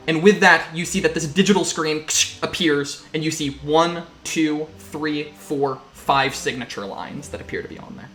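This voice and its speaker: A man running a tabletop game, his voice a touch higher than most men's, narrating loosely with many fillers. The room rings with echo and faint music plays behind him. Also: moderate pace, few pauses, pushed and bright. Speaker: game master.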